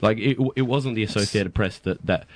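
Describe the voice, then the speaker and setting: A man in a radio panel debate, talking quickly and playfully with frequent stammered restarts. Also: fairly low pitch. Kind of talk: studio debate and banter.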